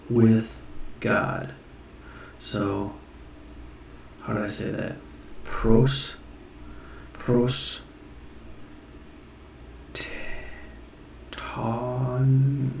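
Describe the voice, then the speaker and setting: Slow, gravelly man in an echoey room. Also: on the low side, mellow, far from the mic, a little hiss or hum. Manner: musing, self-correcting, thinking aloud. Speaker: teacher. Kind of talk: casual screen-share lesson.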